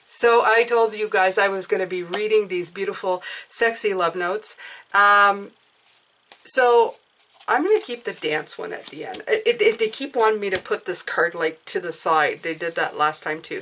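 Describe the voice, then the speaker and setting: A woman's voice: medium pitch, normal speed, low-quality recording. Chatty woman giving a tarot reading. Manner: gentle, chatty, speaks directly to the listener with frequent "okay?". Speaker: tarot reader. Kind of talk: casual spoken tarot reading.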